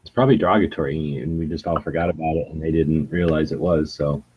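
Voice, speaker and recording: A man's voice: very deep voice, quick pace, muffled recording, slight background noise. A man in a casual voice chat, joking crudely in a dry way. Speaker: chat participant.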